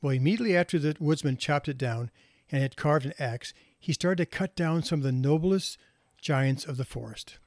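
A man giving a reflective talk, telling moral stories gently and unhurriedly, with pauses and small restarts. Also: a little high, no echo, studio quality. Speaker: speaker sharing moral stories.

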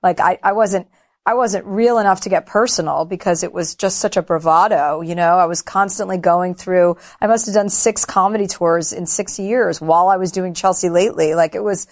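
Her voice is lowish and moderately paced as this middle-aged comedian, once a talk show host, opens up about her emotions in a frank interview conversation. She's blunt and frequently self-deprecating.

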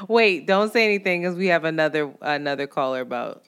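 Frank, lower-voiced woman podcast host. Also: animated, clean tone. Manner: frank and laughing, quick asides. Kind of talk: casual chat.

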